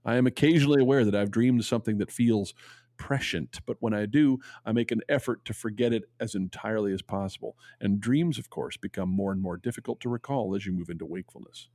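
A man with a lowish, mellow voice speaks briskly as a podcast co-host, reading a listener's letter aloud and telling stories. He sounds earnest but stammers when he ad-libs, and there is no room sound.

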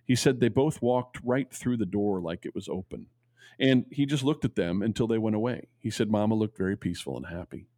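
A man's voice: on the low side, brisk, mellow, dry recording, clean studio sound. A man co-hosting a talk show, reading a listener's letter aloud and telling stories, earnest, with stammers when he ad-libs. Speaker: podcast co-host.

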